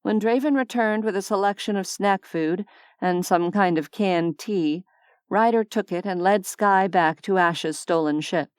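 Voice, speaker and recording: Woman reading an audiobook, smooth lowish voice, dry close booth sound. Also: a little slow, dry recording. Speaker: audiobook narrator. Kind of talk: scripted audiobook narration.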